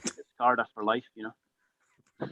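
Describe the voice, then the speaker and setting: A Scottish man chatting casually as podcast co-host, making quick, wry remarks. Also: medium pitch, level tone, bright, forceful tone, no echo, highs cut off. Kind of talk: casual chat.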